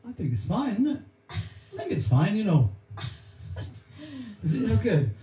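A man's voice: high voice, sing-song, normal speed, mellow, echoey room, rough recording. A man hosting a live music stream from home, bantering and telling stories between songs. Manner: jokey, chatty storyteller.

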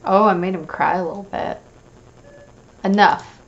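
A woman's voice: lowish voice, fairly even intonation, brisk, creaky. Anxious young woman reacting to a game. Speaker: let's play gamer. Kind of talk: reading game dialogue aloud with reactions. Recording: dull lo-fi audio, faint game music.

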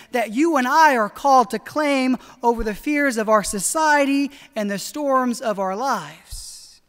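A woman's voice: high-pitched, a bit bright. Earnest woman preaching in a reverberant church. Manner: earnest, slows down for emphasis. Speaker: pastor. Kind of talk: sermon.

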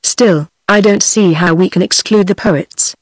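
A witty, pompous old doctor, voiced by a synthetic British woman. The reading is dry and close-miked, with no real acting. The pitch sits mid-range. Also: unhurried, no echo, lightly acted. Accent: British English.

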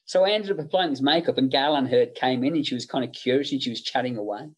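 A man's voice: medium pitch, fast talker, husky. A middle-aged man, a makeup effects artist, chatting casually in an interview and telling anecdotes with many fillers.

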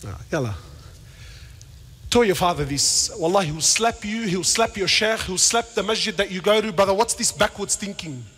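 A man preaches with fierce passion, his voice riding high and leaping across a wide pitch range. He swings from ringing shouts down to quiet, hushed asides. A long hall reverb trails behind every line. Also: expressive, normal speed, breathy edge. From Lebanon. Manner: peppers speech with Arabic words and casual slang. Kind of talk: passionate sermon.

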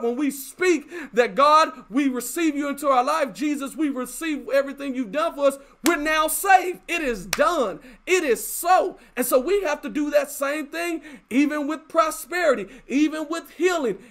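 A man with a very high voice preaches with emphatic force. He repeats his key lines and climbs into shouts at times, delivering a sermon to a church livestream. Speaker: pastor.

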